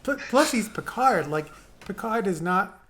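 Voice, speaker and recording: A podcast co-host reviewing an episode in casual chat, talking in an animated way. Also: mid-range voice, measured pace, slight background noise. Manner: animated, acts out quotes.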